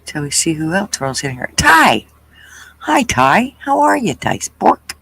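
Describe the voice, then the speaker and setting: A host chatting casually on a livestream, relaxed and greeting viewers one by one by name. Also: mid-range voice, a little slow, gravelly, breathy edge, low-quality recording.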